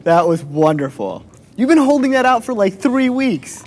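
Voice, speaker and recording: A man's voice: very high voice, big pitch swings, moderate pace. A man hosting a casual chat with a guest, teasing her playfully. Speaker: host, youth pastor.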